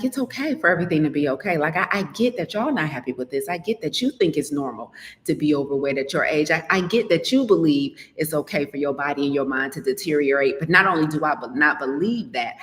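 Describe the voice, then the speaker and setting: A woman coach gives a live podcast keynote in a chatty, conversational way and talks straight to her listeners. Her voice sits fairly low, and a long reverb trails behind it. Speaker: health and business coach, podcast host.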